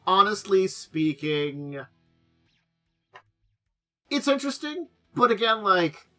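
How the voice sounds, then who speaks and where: Bright-voiced man hosting a casual chat. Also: sits high, big pitch swings, takes it slowly, soft background music. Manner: rambling, with many fillers and trailing asides. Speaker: talk show host. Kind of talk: casual chat about tabletop games.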